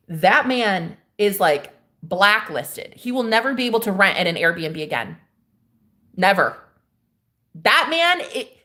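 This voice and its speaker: A young woman vlogging a casual storytime rant, animated and swearing, with sudden loud outbursts and dips. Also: on the high side.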